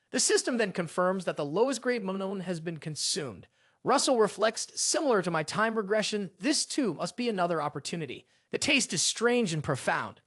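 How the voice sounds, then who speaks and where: In a mid-range voice, this narrator delivers a fantasy comic recap as scripted storytelling at a steady pace. It's captured up close on a voice-over mic, and there's no room sound.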